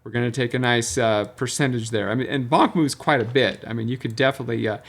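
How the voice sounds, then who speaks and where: A man teaching crypto trading over a screen share, emphatic and repetitive, with bursts of salesy excitement. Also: mid-range voice, quick pace, vocal fry.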